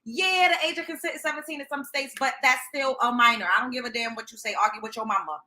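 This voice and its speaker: Sassy, bright-voiced New woman host. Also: on the high side, fast. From Brooklyn, New York. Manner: blunt, profane, sassy. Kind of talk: storytelling commentary.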